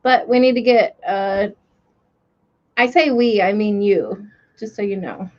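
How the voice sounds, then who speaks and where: A woman's voice: mid-range voice, measured pace, a little mellow. Chatty woman on a lo-fi stream. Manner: chatty, candid, laughs often. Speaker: livestream co-host. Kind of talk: casual chat. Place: home livestream. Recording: slightly dull lo-fi stream audio.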